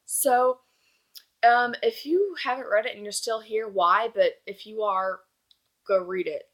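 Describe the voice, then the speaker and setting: Young woman, bright voice, casual book review vlog, chatty and gushing. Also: mid-range voice, unhurried. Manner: chatty, gushing, acts out characters' lines.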